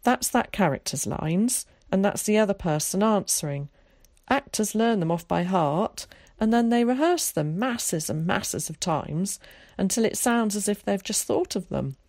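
A woman reading aloud, voicing an eager, theatrical schoolboy who loves to show off, in a lively, dramatic way. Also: mid-range voice, a little slow, no echo, clean studio sound.

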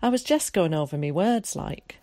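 Woman doing a shy village boy, gruff and rustic. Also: fairly low pitch, animated, moderate pace, warm tone, dry recording, clean studio sound, lightly acted. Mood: flustered. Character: young boy rehearsing grumpy lines, shy.

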